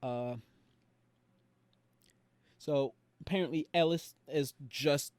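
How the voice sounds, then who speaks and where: A young man on a podcast, animatedly retelling a show with quick voiced quotes. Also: on the high side, a little mellow, smooth, dry recording. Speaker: podcast co-host. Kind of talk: casual recap chat.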